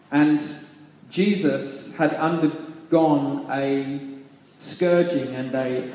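A man preaching a sermon, reading scripture and then reflecting on it with restarts and pauses. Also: on the high side, dark tone, slight background noise. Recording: echoey hall reverb.

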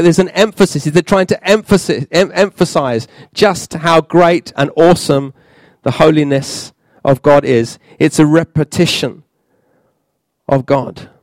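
Man, sermon, halting with fillers, somewhat high voice, dry sound. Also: darkish tone, no echo. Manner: halting, with many fillers and restarts. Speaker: preacher.

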